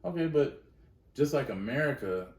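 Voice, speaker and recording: A man's voice: mid-range voice, animated, normal speed, darkish tone. A man co-hosting a podcast in casual chat, emphatic and opinionated. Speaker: podcast co-host. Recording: echoey room, distant from mic.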